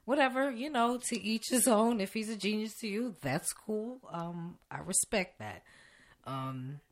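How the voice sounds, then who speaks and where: A woman's voice: mid-range voice, expressive, a little slow. A young woman hosting a podcast, ranting bluntly and casually with lots of swearing and laughs mid-sentence, recorded in a radio station studio. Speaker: podcast host. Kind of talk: unedited casual rant.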